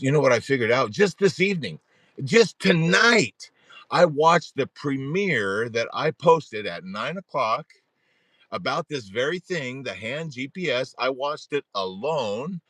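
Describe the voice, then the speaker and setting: A middle-aged man of middling pitch tells a story on a live stream. He rambles, doubles back and restarts his sentences as he goes. His voice sounds dry and close, with no room echo. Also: a little slow. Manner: animated, rambling storyteller who restarts sentences and laughs at himself. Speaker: host of a support group livestream. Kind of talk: casual storytelling on a livestream.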